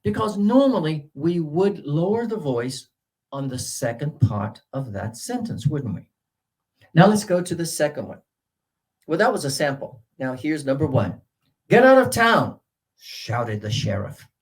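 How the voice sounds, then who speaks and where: Man teaching word stress, halting delivery. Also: lively intonation, a little mellow. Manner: halting, with many uh fillers and restarts; swoops his pitch to model stressed syllables. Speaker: English teacher trainer. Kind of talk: workshop lecture on word stress.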